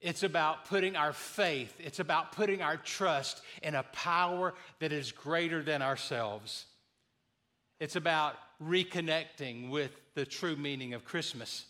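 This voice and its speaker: A man in his sixties preaching a sermon, earnest and deliberate, sometimes restarting his sentences. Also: a little high, bright, forceful tone. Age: 60s. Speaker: pastor.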